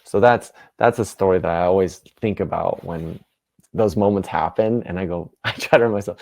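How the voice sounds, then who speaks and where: A man in his thirties, a guest in an interview, telling stories in an animated, self-deprecating way. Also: low-pitched, a little fast, vocal fry, no room sound. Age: 30s. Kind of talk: casual interview storytelling.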